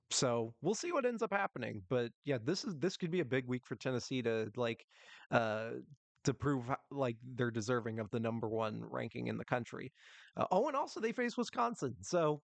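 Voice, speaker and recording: A man's voice: medium pitch, animated, moderate pace, creaky, dry recording. A young man hosting a solo sports podcast, talking casually and rambling, with lots of ums and small laughs. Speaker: podcast host.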